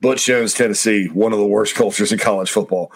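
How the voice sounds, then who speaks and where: A man hosting a casual sports talk show, reading viewer comments aloud and rambling with laughs and quick impressions of coaches. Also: lowish voice, creaky.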